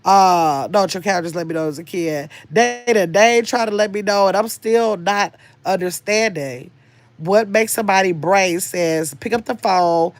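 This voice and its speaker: A woman's voice: mid-range voice, a little slow. An older woman hosting a casual livestream, chatting and rambling as she reads viewers' comments aloud. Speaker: livestream host reading chat.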